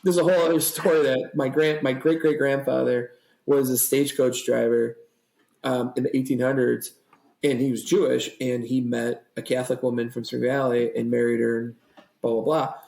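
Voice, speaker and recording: A man's voice: mid-range voice, flat delivery, moderate pace, gravelly, darkish tone, echoey room, low-quality recording. A man in his thirties, a podcast guest in a rambling, laughing casual chat.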